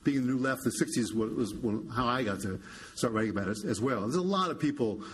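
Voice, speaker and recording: Older American historian, halting and wry. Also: male voice, mid-range voice, lively intonation, slight background noise. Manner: hesitant, many restarts, wry. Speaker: historian guest. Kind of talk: conversational public interview.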